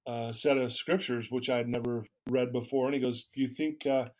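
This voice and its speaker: Guy being interviewed, telling his story straight up, does the voices of people talking, normal pitch. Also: fairly even intonation, fairly quick, darkish tone. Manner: candid, acts out quoted dialogue. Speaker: interview guest. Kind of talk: personal storytelling in conversation.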